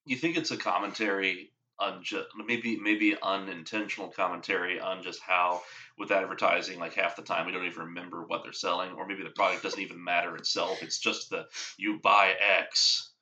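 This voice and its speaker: A man's voice: deep voice, steady tone, a little fast, pushed and bright, dull audio. A man as a guest on a podcast, casually reviewing an episode with dry, wry jokes, on a poor home mic.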